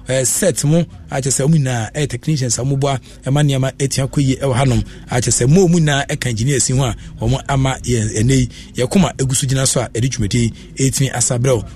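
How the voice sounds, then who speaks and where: A man's voice: medium pitch, darkish tone, a little hiss or hum. A Ghanaian man presenting on radio, chatting casually and laughing often as he talks. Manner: fast, chatty, laughs often, code-switching.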